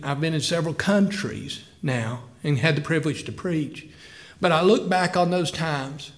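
A middle-aged man preaches his testimony in an earnest, heartfelt way. His voice sits slightly higher than most men's. He swells with fervor as the story builds. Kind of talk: sermon testimony.

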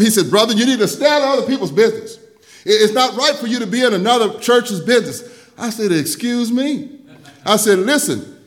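An older man preaching a sermon, telling personal stories, dropping soft and low for quoted talk and rising loud when he preaches. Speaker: pastor.

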